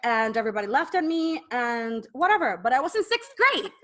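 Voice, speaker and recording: A woman's voice: fairly high pitch, big pitch swings, fairly quick, pushed and bright. A woman co-hosting a wrestling podcast in casual chat, rambling and sighing as she builds her point. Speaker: podcast co-host.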